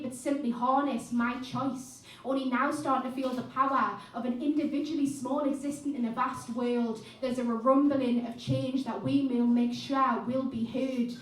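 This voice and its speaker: Spoken word poet, female, high register, impassioned and rhythmic, captured live in an echoey venue from a distance. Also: a bit bright. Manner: impassioned, rhythmic delivery with chatty asides. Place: live music venue stage. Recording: echoey room, mic at a distance.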